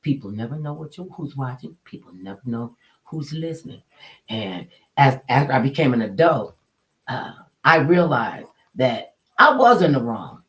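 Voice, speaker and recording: Woman storyteller, casual and colloquial, animated, acts out her quotes. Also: rumbling low, moderate pace, poor audio.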